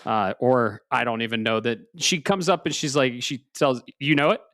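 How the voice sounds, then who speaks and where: A man's voice: medium pitch, normal speed, a bit bright, no room sound, studio quality. A man in his forties, a podcast host, chatting casually and laid-back, swearing often. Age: 40s. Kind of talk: casual chat.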